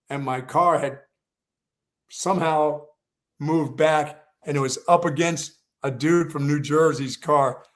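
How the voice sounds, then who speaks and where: Lively higher-voiced man telling stories. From Pennsylvania. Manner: animated storyteller, laughs a lot. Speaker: sports talk host. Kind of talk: casual chat and storytelling.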